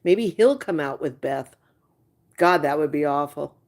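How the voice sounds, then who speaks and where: A woman's voice: low-pitched, lively intonation, a little slow. A woman hosting a live stream, gossiping casually with her viewers. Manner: chatty, gossiping, exasperated asides. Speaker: livestream host chatting with viewers.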